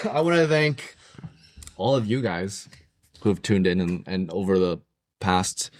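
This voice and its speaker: A man's voice: low voice, animated, measured pace, dry recording. A man co-hosting a podcast in casual chat, rambling and joking with a lot of fillers. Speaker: podcast co-host. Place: room with the other hosts and guest.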